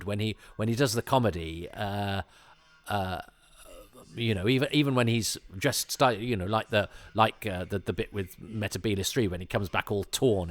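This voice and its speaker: A man's voice: fairly low pitch, a bit bright. A man hosting a casual commentary while watching an episode, rambling and hesitant, with many fillers, restarts and wry chuckling asides. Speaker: podcast host.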